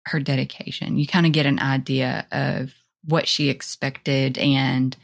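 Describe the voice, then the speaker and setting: Deep-voiced woman podcast co-host. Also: a little slow, creaky. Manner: relaxed, thinking aloud with fillers. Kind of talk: true-crime narration and casual chat.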